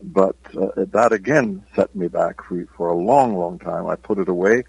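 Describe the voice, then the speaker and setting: Older Irish-accented male author, husky and low-voiced, dry close sound, reflective and unhurried. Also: lively intonation, a little mellow, no echo, rough recording. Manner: reflective, unhurried, with hesitant pauses. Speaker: author guest. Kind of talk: interview storytelling.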